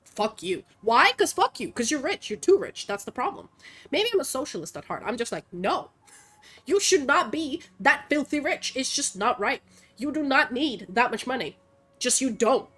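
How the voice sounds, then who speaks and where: A young woman streamer ranting casually in a blunt, profane, animated way, full of fillers, speaking into a desk mic at home. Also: high voice, normal speed, breathy edge. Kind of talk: casual opinionated rant while gaming.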